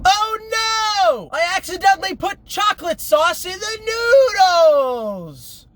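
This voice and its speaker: A man voicing a frantic little girl from a kids' video, shouting in a squealing high voice. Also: animated, takes it slowly, a little hiss or hum, exaggerated voice. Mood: panicked.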